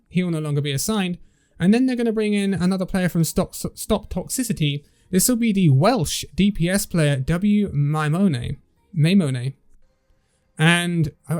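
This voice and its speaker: A man's voice: on the high side, darkish tone. A man hosting a casual esports news roundup, chatty and tripping over player names as he reads through the list.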